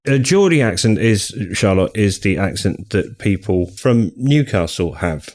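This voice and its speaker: A man's voice: lowish voice, lively intonation, a little slow, darkish tone. A middle-aged man hosting a casual book podcast, chatty and steering the talk with questions. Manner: chatty, leads the discussion with questions. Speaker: podcast co-host.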